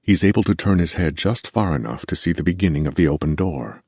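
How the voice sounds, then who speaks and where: A man narrating a horror audiobook in a measured, steady scripted delivery. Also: low-pitched, husky, dry recording, studio quality.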